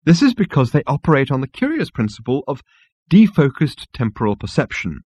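A man narrating a comic audiobook in a wry, expressive storytelling manner. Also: medium pitch, fairly quick, breathy edge, no room sound.

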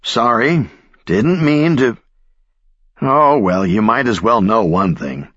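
A brisk, dry-humored male scientist speaks in clipped, matter-of-fact bursts, voiced by a man reading a story. His voice sits higher than the reader's own and keeps a husky edge. The recording sounds slightly dull and lo-fi. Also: animated, fairly bright tone, no echo.

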